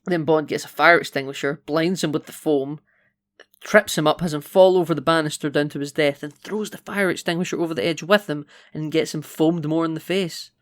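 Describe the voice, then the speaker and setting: A man's voice: a little high, steady tone, fairly quick. Chatty man recapping a film. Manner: chatty, retells scenes with laughs. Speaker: podcast co-host. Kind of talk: casual film review chat.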